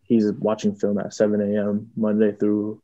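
A man's voice: fairly low pitch, monotone, normal speed, warm tone, no echo. A young man, a college football player, answering interview questions casually, with lots of ums and restarts. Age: young adult. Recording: dull lo-fi audio.

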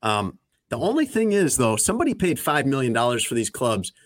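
A man's voice: mid-range voice, wildly swooping pitch, a little fast, slight background noise. A man in his thirties or forties hosting a sports talk show, recapping news in a conversational, dry way. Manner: conversational, dry, lots of fillers. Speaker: sports radio host.

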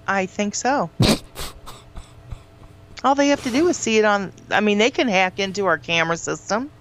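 A woman's voice: medium pitch, expressive, moderate pace. A woman with a St. co-hosting casual morning radio, teasing dryly and laughing along. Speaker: radio show co-host.

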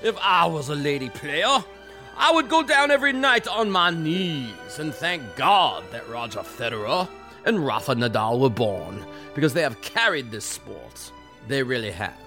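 A man's voice: a little high, big pitch swings, sharp tone, soft background music, voice pushed up, heavily acted. A man putting on a pompous drawling old tennis boss. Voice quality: pompous, drawn-out, declaiming.

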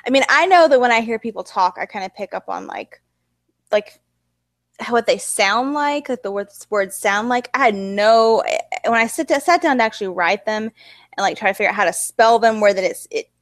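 A woman's voice: a little high, animated, moderate pace, no echo. Chatty woman, dry close sound. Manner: rambling, many fillers like "like" and "you know". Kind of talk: casual chat.

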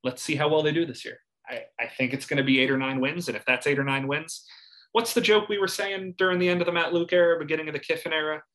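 A man's voice: a little high, steady tone, quick pace, a bit bright, rough recording. A man hosting a sports podcast, talking casually and analytically about a college football season, with wry asides and laughs.

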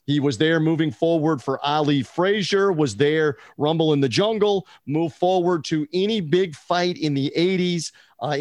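A man's voice: a little high, no room sound. Enthusiastic male podcast host, dry sound. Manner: enthusiastic storytelling, rambling. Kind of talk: casual podcast chat.

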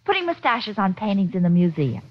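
A woman playing a perky, cheeky young woman who talks in a bright, teasing way, in 1940s radio acting. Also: medium pitch, very animated, fairly quick. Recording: lo-fi old radio broadcast.

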